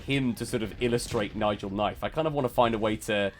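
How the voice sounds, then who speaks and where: A man's voice: lowish voice, quick pace, a little hiss or hum. Chatty British man hosting a game stream. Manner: chatty, laughs often, excitable. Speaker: stream host. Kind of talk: casual chat while gaming.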